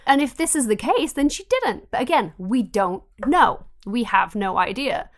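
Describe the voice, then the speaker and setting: A woman's voice: fairly high pitch, sing-song, normal speed. A woman co-hosting a wrestling chat podcast, talking in an emphatic, incredulous way. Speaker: podcast co-host. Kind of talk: casual chat.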